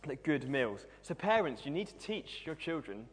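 Preacher in a reverberant hall. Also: male voice, on the high side, big pitch swings, normal speed. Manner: humorous, self-deprecating storytelling. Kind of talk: sermon.

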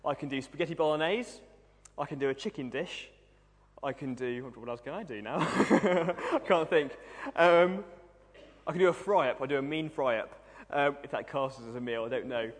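A man's voice: fairly high pitch, normal speed. A young man in his twenties preaching a sermon, humorous and self-deprecating as he tells stories. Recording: long hall reverb.

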